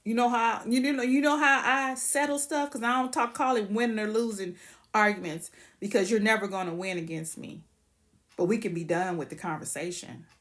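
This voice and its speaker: A woman's voice: medium pitch, steady tone, fairly quick, fairly bright tone. Woman going off on her livestream, cussing, calling out chat names. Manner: blunt and profane, greets chat by name. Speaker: livestream host. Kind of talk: casual livestream rant.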